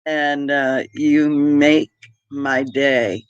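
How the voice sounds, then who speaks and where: Slow-talking woman, livestream chat. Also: sits low, fairly even intonation, clean tone, dry recording, lo-fi sound. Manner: chatty, heartfelt, reads viewer comments aloud. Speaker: homesteading channel host.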